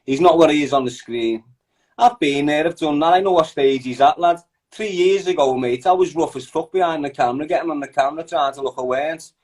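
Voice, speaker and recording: A man's voice: a little high, fairly quick, darkish tone. A man with a Liverpool accent talking bluntly in a heated casual chat, mocking and profane as an interview guest.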